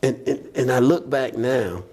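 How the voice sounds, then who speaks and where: This podcast guest tells the story of his faith in a mid-range, mellow voice at a measured pace. Earnest and reflective, he keeps it conversational and acts out other people's words as he recounts scenes.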